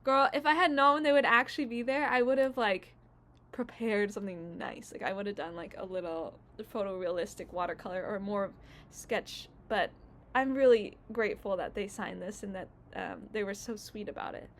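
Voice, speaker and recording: A woman's voice: medium pitch, moderate pace. A woman in her twenties recapping casually for her vlog, gushing and emotional, full of fillers. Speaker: YouTuber.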